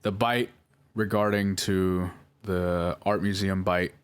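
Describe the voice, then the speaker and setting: A young man with a very low voice talks his way through a nervous, rambling monologue. He keeps circling back, stumbling over restarts and fillers, and apologizing again and again. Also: little pitch movement, slow pace, clear, resonant tone. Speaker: video creator reading out chats.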